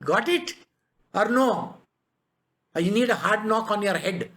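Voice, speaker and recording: Man, high voice, spiritual teacher, sermon, emphatic, rhetorical questions. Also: lively intonation, a little slow, pushed and bright. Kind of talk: spiritual discourse.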